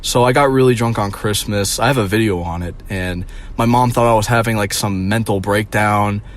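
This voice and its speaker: A man's voice: lowish voice, moderate pace. A young man ranting casually to his viewers, rambling with lots of fillers and swearing. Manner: rambling, profane, heavy on "like". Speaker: vlogger. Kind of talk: casual vlog rant.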